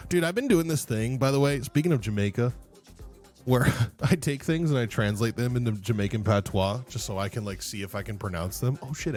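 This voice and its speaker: A man's voice: mid-range voice, a little mellow. A young man livestreaming, chatting casually with viewers, laughing often, rambling and swearing freely. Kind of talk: casual stream chat.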